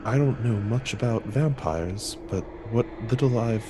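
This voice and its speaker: Casting: blunt male player in a tabletop game, average pitch, faint noise behind. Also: a little slow. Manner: blunt, questioning. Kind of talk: tabletop role-play banter.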